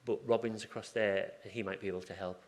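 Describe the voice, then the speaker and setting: Here the hospital acupuncturist talks fast, his fairly low voice keeping a steady tone. At a conference session open to audience questions, he chats casually about his surgery team work and reenacts ward conversations.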